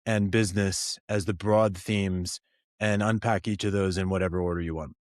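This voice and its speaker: A man's voice: low voice, fairly even intonation, normal speed, dry recording, studio quality. A man hosting a podcast, casually prompting his guest with a question. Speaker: podcast host. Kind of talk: casual interview.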